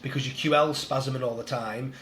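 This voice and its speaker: A man's voice: mid-range voice, fairly even intonation, a little fast, fairly bright tone, a little hiss or hum. A man, a strength coach, chatting in an interview, explaining things eagerly and laughing at himself. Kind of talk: casual interview chat. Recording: roomy echo.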